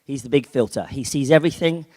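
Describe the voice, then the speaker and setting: A man's voice: medium pitch, quick pace, darkish tone. Guy rambling through a conference talk, lots of ums, big echoey hall. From United Kingdom. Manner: chatty, rambling with fillers and restarts. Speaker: conference speaker. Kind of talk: keynote talk. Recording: long hall reverb.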